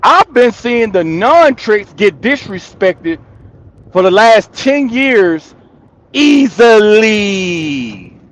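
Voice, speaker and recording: A man with a high-pitched voice delivers casual opinion commentary to his audience. He takes his time, hammering each point home by repeating it and laughing between thoughts. He speaks straight to his viewers as the host of his own channel. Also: animated, slow, fairly bright tone.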